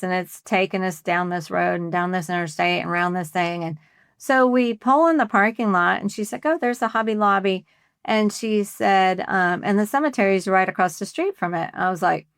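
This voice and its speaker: A woman's voice: medium pitch, a bit bright, dry recording, clean studio sound. Woman telling a story on a faith podcast. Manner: conversational storytelling with quoted dialogue. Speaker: podcast co-host. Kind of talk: faith-based podcast talk.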